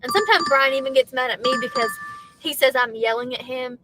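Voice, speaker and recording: A woman co-hosting a casual livestream from a car, animated and loud when she gets passionate. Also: high-pitched, fairly quick, loud music behind the voice, low-quality recording. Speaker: livestream co-host. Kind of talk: casual chat.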